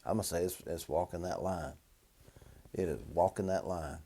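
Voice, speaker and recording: A man's voice: low-pitched, moderate pace, warm tone, husky. A man, a minister hosting a show, commenting on a news article in a wry, chatty, sardonic way.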